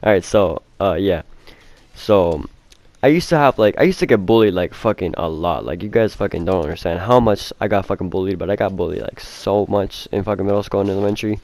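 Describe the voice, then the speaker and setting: A man's voice: low-pitched, brisk, a little mellow, no room sound. A young man telling a casual storytime, rambling with fillers and heavy swearing. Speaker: vlogger.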